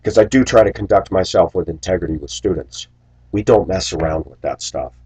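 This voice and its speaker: Low husky-voiced man rambling. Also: brisk, a little mellow. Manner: preachy, aggrieved, storytelling with asides. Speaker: school bus driver. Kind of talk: rambling personal monologue.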